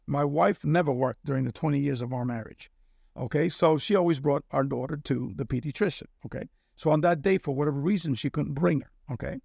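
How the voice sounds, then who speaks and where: A middle-aged man from Cuba with a gravelly, somewhat raised voice, telling a personal story as a guest. He speaks earnestly and keeps checking in with his listener with a quick "okay?". The sound is close and dry. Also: fairly high pitch, a little mellow, no echo. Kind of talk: casual storytelling in conversation.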